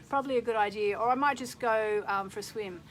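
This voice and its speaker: A woman's voice: a little high, normal speed, slight background noise, low-quality recording. A middle-aged woman hosting a casual live stream, chatting in a rambling way and reading out viewer comments.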